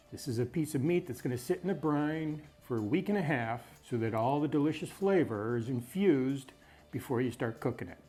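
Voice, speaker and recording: A man's voice: medium pitch, dark tone, slightly rough. A man from the Chicago area hosting a home cooking video, talking in a dry, wry, matter-of-fact way. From Chicago area, USA. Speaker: cooking show host.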